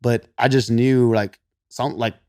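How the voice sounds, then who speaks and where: A man's voice: mid-range voice, a little slow, clean tone, dry recording, studio quality. A man with a Texan twang casually telling a story as a podcast guest, laughing often and swearing. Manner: laughs often, swears, quotes himself in animated voices. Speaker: podcast guest, gym coach.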